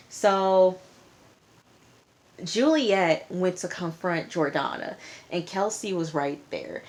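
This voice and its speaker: A woman's voice: on the low side, takes it slowly, pauses often. A woman casually recapping a reality TV episode in a chatty, slangy, exasperated way. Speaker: TV show reviewer.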